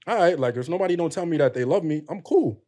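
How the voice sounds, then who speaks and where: A man's voice: on the high side, animated, fast talker, mellow. A young adult man talking as a podcast guest, earnest and slangy, opening up about family. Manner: earnest, opens up emotionally, slangy. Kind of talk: casual chat.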